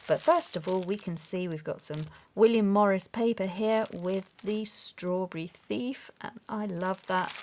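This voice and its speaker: Gushing, excitable woman. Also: medium pitch. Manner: gushing, excitable, with gasps and exclamations. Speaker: craft video host. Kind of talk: casual unboxing chat.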